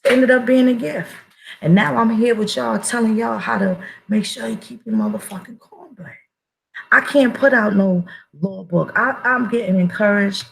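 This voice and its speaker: A woman's voice: a little high, moderate pace, gravelly, low-quality recording. A woman giving a blunt, profane casual monologue as an online commentator, emphatic and full of restarts.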